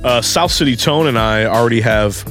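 A man's voice: mid-range voice, moderate pace, fairly bright tone, soft background music. A man co-hosting a casual sports talk show, reading listener questions and riffing on them playfully.

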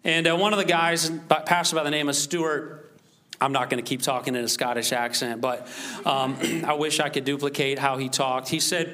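A man's voice: mid-range voice, level tone, normal speed, bright, forceful tone. A man preaching a sermon, reading scripture with rising emphasis and talking conversationally to the congregation. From United States. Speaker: pastor.

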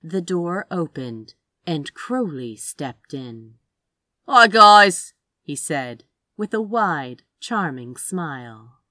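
A woman reading a story aloud in expressive, measured audiobook narration. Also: sits low, no room sound, studio quality. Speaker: reader.

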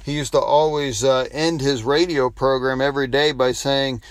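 A man's voice: medium pitch, fairly even intonation, normal speed, dry recording. Folksy male pastor, dry close sound. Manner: folksy storytelling, frequent restarts. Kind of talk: devotional sermon with prayer.

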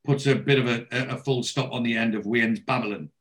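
A man's voice: mid-range voice, steady tone, brisk, a bit bright. Chatty man retelling a TV episode. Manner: chatty, rambling with restarts. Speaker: podcast co-host.

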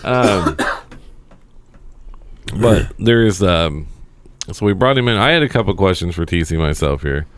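A man's voice: sits low, lively intonation, a little slow, pauses often, a little hiss or hum. A man hosting a casual podcast chat, who swears freely and reads items aloud for the others. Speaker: podcast host.

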